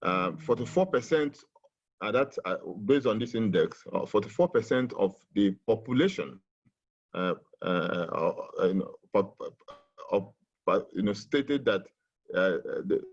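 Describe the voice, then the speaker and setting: A middle-aged man speaking in a webinar, halting with many fillers and slow and emphatic when he reads aloud. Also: on the low side, lively intonation, dull audio. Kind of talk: webinar talk with a poem reading. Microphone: video call.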